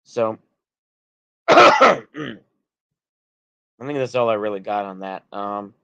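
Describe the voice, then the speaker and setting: The recording is smooth with no room sound and the highs cut off. A low-ish, bright, forceful, animated voice moves slowly as this Texan-accented streamer from the U.S. rambles at chat, somewhat drunk, with loose restarts and trailing sentences.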